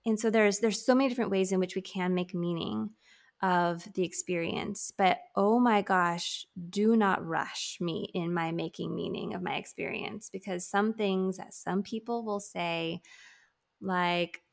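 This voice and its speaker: A woman's voice: lowish voice, unhurried, gravelly. A woman in her thirties talking candidly about grief in a casual conversation, with many fillers.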